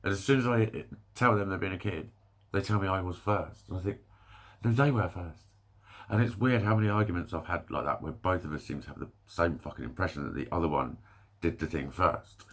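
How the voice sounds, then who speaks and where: A vlogger with a deep, slightly bright voice talks fast in a candid solo rant to camera. He rambles, swears often and keeps cutting himself off mid-sentence.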